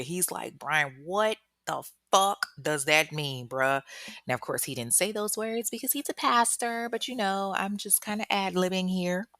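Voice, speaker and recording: A woman telling a true-crime story in a low, close, dry voice. Her delivery is chatty and slangy, salted with profanity and ad-libbed commentary. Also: fairly bright tone, no room sound. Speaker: podcast host.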